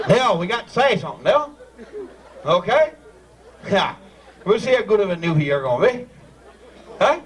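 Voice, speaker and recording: Teasing Newfoundland man, high voice. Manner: teasing, laughing often. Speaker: screech-in ceremony leader. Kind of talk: joking crowd banter. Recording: far mic over a loud crowd.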